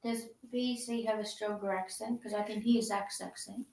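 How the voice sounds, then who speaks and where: A woman's voice: medium pitch, steady tone, moderate pace, vocal fry, a little mellow. A woman chiming in with short questions during a casual livestream chat. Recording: echoey room off-mic.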